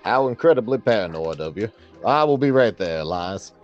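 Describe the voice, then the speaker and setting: A man playing a polite, formal Southern gentleman fixer in a put-on American Southern accent, with hesitant fillers. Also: fairly low pitch, animated, brisk, lo-fi sound, soft background music, close to an everyday voice. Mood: courteous. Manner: courtly, hesitant, with many uh fillers.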